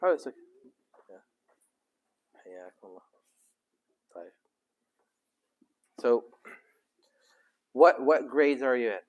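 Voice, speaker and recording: A man's voice: medium pitch, lively intonation, a little slow, pauses often. A middle-aged man, a sheikh, chatting casually and jokingly with teenagers in a mosque youth program. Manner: easygoing and joking. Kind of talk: casual chat with teens.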